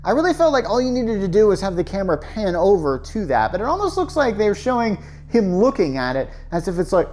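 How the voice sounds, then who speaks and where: A woman's voice: mid-range voice, sing-song, fairly quick, hardly any pauses, a little mellow, slight background noise. A woman giving a casual, sarcastic film review full of rhetorical questions and fillers. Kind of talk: casual rant-style movie review.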